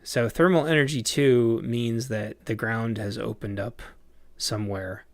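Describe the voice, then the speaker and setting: A man's voice: mid-range voice, steady tone, unhurried, no room sound. A man casually chatting on a livestream while playing a game, rambling with lots of fillers and restarts. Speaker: game streamer.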